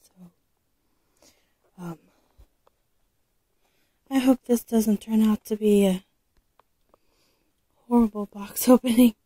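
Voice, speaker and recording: A woman with a sore, recovering throat, chatting casually as she unboxes a doll, halting with frequent ums. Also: fairly high pitch, fairly even intonation, warm tone, breathy edge, no room sound, rough recording. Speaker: vlogger unboxing a reborn doll.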